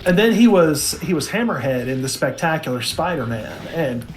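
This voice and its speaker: A man's voice: fairly high pitch, very animated, moderate pace, slight background noise. A man in his thirties, a podcast co-host in casual chat, enthusiastic and rambling with many restarts. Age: 30s.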